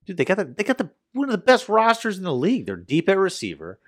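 A young man co-hosting a sports podcast in a relaxed drawl that jumps up loud when he gets excited. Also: sits high, fast. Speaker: podcast co-host. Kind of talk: casual sports chat.

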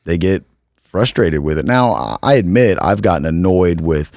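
A man's voice: low-pitched, expressive, moderate pace, vocal fry, darkish tone, no room sound, studio quality. A young adult American man co-hosting a podcast, talking frankly and casually, swearing now and then. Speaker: podcast co-host. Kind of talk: casual chat.

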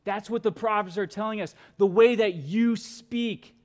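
A man's voice: high-pitched, normal speed, a little mellow. A pastor preaching a sermon, reading scripture aloud and pressing his points with emphatic repeated exhortations.

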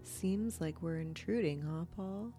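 A woman reading the lines of a gruff but kindly old grandfather in a slow, soft folksy drawl. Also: lowish voice, faint music behind, close to an everyday voice.

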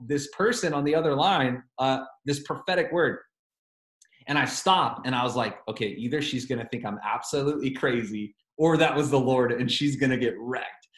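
A man's voice: medium pitch, brisk, a bit bright, echoey room. A man preaching a sermon, telling a story with animation and quoting both sides of a phone call.

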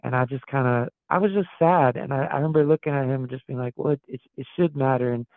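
A man from Wisconsin speaks as a guest pastor in an interview, earnest and reflective, circling back and restarting as he works through his thoughts. His mid-pitched voice carries a steady gravelly fry. The sound is tinny and phone-like, with a dry, close feel and no room around it. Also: fast talker, no echo. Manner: earnest, reflective, thinks aloud with frequent restarts. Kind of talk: podcast interview.

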